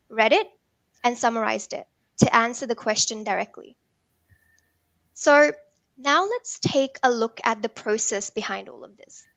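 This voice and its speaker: Higher-voiced woman presenting a tech workshop. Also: a bit bright, no echo. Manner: explanatory, frequent um and uh fillers.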